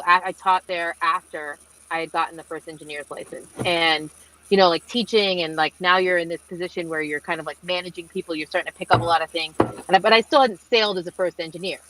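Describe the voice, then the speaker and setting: A young woman, a marine engineer, answering webinar questions over a video call in a chatty storytelling way with lots of fillers and lively quoted dialogue. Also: on the low side, a little hiss or hum, rough recording.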